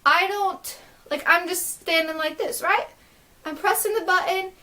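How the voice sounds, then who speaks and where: High-voiced young woman rambling excitedly. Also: measured pace. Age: young adult. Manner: excitable, rambling, lots of filler "like". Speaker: vlogger. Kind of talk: storytime vlog.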